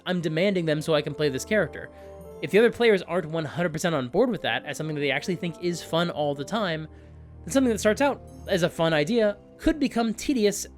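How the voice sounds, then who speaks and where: Quick, animated male gaming host. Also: a little high. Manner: animated, self-questioning explanations. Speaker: YouTube host. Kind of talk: tabletop gaming commentary.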